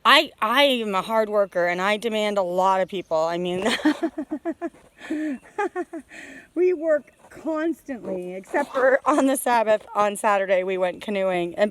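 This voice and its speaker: A woman's voice: medium pitch, a bit bright, no echo. A woman talking through her feelings on her homestead in a rambling, heartfelt vlog, full of fillers and restarts, emotional and near tears. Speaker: homesteader vlogger. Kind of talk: emotional personal vlog monologue. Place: outdoors on a homestead.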